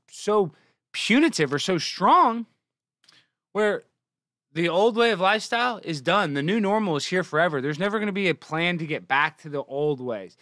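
A young adult man hosting a show, giving mocking, sarcastic commentary that swings from low muttering to loud exclamations. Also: no room sound, clean studio sound. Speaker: show host.

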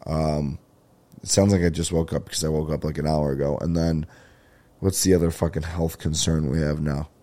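A man's voice: a bass voice, little pitch movement, moderate pace, warm tone. A man hosting a comedy podcast, with a stuffy, congested nasal voice, rambling jokily and swearing a lot. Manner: rambling, profane, jokey. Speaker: podcast host. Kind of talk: casual comedy podcast monologue.

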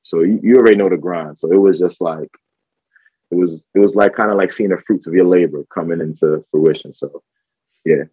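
A man's voice: sits low, a little fast, husky, no room sound, muffled recording. A man talking as a podcast guest about his filmmaking, reflective and full of fillers and restarts. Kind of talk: casual conversation.

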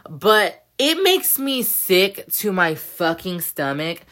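A woman's voice: fairly low pitch, sing-song, takes it slowly, a bit bright. A young woman hosting a solo podcast, ranting heatedly and profanely, filling every sentence with "like" and "bro.". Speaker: podcast host. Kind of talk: casual solo podcast rant.

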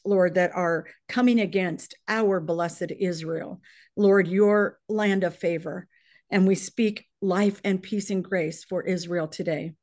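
A middle-aged woman praying aloud with fervor, her voice choked up and close to tears. She reads scripture and song lyrics with mounting intensity, earnest and heartfelt, at a middle pitch. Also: a little mellow. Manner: fervent, emotional, builds in force when reading lyrics. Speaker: prayer leader on a briefing call. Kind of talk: earnest spoken prayer and scripture reading.

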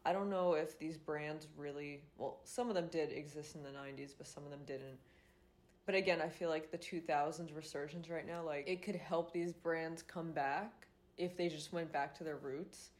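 A woman's voice: sits low, fairly even intonation, normal speed, darkish tone. Congested, nasal young woman, rambling chat. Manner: rambling, lots of "like" and "um", swears freely. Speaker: podcast host. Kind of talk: casual chat.

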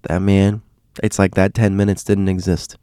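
A man hosting a show, telling a story in a casual, halting way, often repeating words and dropping to a hushed voice. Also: low voice, level tone, clear, resonant tone, no room sound, clean studio sound. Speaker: host.

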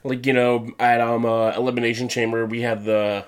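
With a medium-pitched, clear and resonant voice that barely changes pitch, a congested podcast co-host loosely recaps the week. He rambles casually and tosses off quick, mocking paraphrases of wrestlers.

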